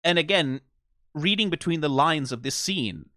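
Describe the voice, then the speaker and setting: A man hosting an anime reaction, talking in casual, animated commentary, often asking "right?" and laughing. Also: on the high side, a little fast, no echo, clean studio sound.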